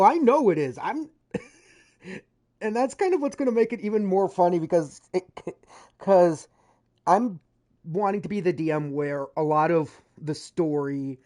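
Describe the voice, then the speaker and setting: A woman's voice: deep voice, mellow. A woman streamer chatting casually over gameplay, rambling with frequent fillers and self-corrections. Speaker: gaming streamer.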